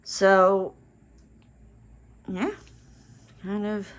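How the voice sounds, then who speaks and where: A woman's voice: medium pitch, animated, slow pace, a bit bright, a little hiss or hum. A woman telling a rambling story in casual chat while she crafts at home, full of fillers and restarts. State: briefly out of breath after running downstairs. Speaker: crafting vlogger.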